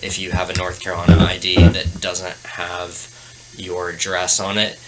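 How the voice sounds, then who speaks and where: A man's voice: sits low, monotone, normal speed, soft background music, low-quality recording. A young man as a podcast guest, chatting hesitantly with many fillers. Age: young adult. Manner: hesitant, lots of fillers and restarts. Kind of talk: casual chat. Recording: faint background noise.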